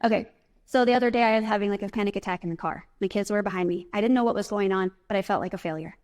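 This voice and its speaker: A woman's voice: mid-range voice, rapid-fire, darkish tone. Woman speaker, chatty and upbeat, motivational conference talk with audience exercises. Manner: chatty, upbeat, filler "like", guides breathing exercises. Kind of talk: casual talk to a live audience. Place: conference presentation.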